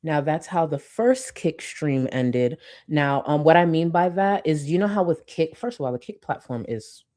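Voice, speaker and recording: A woman's voice: deep voice, lively intonation, moderate pace, warm tone. A woman host giving blunt, profane, sarcastic reaction commentary on a streamer's clips.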